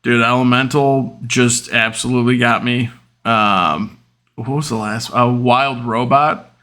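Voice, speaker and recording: A man's voice: medium pitch, fairly even intonation, measured pace, pushed and bright. A man in his thirties hosting a podcast, telling personal stories in a rambling, openly emotional way, with lots of fillers and restarts. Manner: open and emotional. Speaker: podcast host. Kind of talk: casual personal monologue.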